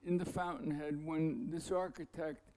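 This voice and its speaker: A man giving a masterclass, telling a long anecdote in a rambling, halting way, with asides to the audience. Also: on the high side, fairly even intonation, darkish tone. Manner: halting, many restarts and fillers. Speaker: masterclass speaker.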